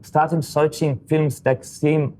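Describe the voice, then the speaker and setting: Man, French accent, young adult, earnest, halting, mellow tone, roundtable talk. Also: on the high side, level tone. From France. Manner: earnest, halting, restarts often. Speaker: filmmaker and actor. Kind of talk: roundtable discussion.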